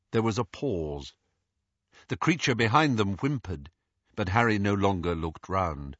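A man narrating a novel in a measured, expressive storytelling manner. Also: lowish voice, no room sound, highs cut off. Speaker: audiobook narrator. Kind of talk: scripted narration.

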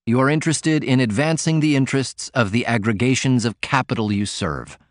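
A man's voice: medium pitch, fairly quick, dry recording, studio quality, natural voice. A man reading an audiobook, voicing a defiant young working-class man who argues pointedly. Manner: pointed, argumentative.

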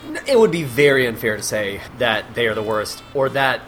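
Animated, laughing improv performer. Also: mid-range voice, a little fast, soft background music. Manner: animated storyteller, acts out quoted people, laughs often. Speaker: guest, cruise ship improv performer. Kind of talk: casual podcast chat.

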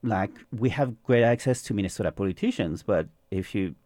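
Low-voiced man hosting radio. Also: brisk, no room sound. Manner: relaxed, explaining, chuckling. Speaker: radio host. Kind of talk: casual radio conversation. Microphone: studio microphone.

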